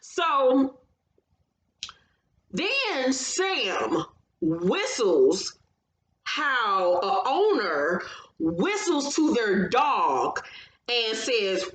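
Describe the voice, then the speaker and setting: A woman recapping a reality TV episode in casual chat, telling it with animated, profane storytelling and acting out what people said. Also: fairly high pitch, extremely slow, pauses often. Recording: roomy echo, faint background noise.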